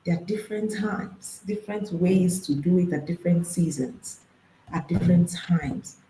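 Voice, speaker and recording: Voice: mid-range voice, normal speed, dark tone, roomy sound, a little hiss or hum, low-quality recording. A marriage and intimacy coach, speaking to an audience, emphatic and repeating phrases, firing off rhetorical questions.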